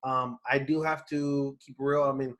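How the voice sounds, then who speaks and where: A man co-hosting a casual chat podcast, slangy and animated, acting out quotes with big jumps in his voice. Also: medium pitch, moderate pace. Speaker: podcast co-host.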